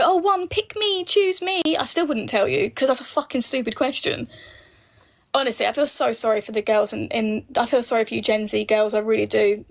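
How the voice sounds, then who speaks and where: A woman in her late twenties, bluntly answering viewer comments on a live stream, swearing freely and speaking her mind. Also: a little high. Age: late 20s. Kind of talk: casual live Q&A.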